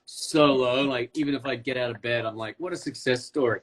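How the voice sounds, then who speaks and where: A man's voice: mid-range voice, a little fast, a little hiss or hum. A man in his forties with a New Zealand accent, hosting a casual, joking livestream chat and talking in a loose, self-deprecating way. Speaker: Instagram live host. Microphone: phone camera, live video call.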